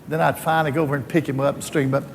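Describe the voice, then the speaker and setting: A man's voice: on the high side, flat delivery, rapid-fire, long reverb tail, a little hiss or hum. An older man with a Southern US accent, giving a homespun, joking faith talk full of stories as he addresses a team. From Alabama, US.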